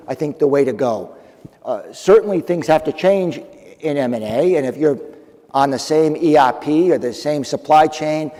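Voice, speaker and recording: A man's voice: on the high side, mellow. A man with a New England accent speaking on a conference panel as a compliance officer, conversational, with restarts and fillers. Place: conference room with audience. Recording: long reverb of a conference hall.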